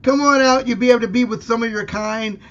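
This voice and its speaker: A man's voice: very high-pitched, steady tone, quick pace, a bit bright, lo-fi sound. A man co-hosting a podcast in casual chat, enthusiastic and plain-spoken. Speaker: podcast co-host.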